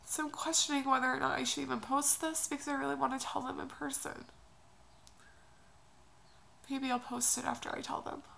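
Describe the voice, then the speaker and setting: Woman, young, crying, emotional, halting, confessional vlog, lots of vocal fry. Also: high voice, level tone, sharp tone, a little hiss or hum, rough recording. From Oklahoma, USA. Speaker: vlogger.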